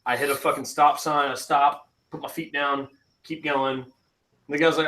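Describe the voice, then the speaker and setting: A man's voice: on the high side, moderate pace, long pauses. A man hosting a live stream from a garage, telling a long casual story and swearing constantly. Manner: swears constantly, animated anecdotes. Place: home garage.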